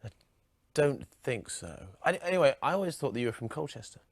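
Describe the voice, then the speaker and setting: A man playing a deadpan, patient TV interviewer in a comedy sketch. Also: medium pitch, fast talker, no echo, studio quality.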